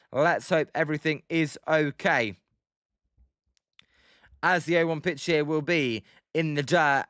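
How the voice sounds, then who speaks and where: A young British man calls a game live, narrating each pitch in between casual chat with his viewers. His voice is a touch high and smooth, recorded close and dry with no room sound. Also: fairly bright tone, no echo. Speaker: livestream host. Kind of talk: live play-by-play commentary with chat.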